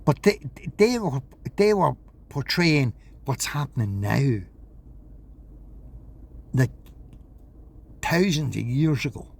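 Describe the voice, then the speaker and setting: A man's voice: mid-range voice, lively intonation, slow, creaky, long pauses. A man talking in a rambling vlog monologue, agitated, swearing and repeating himself. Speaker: vlogger.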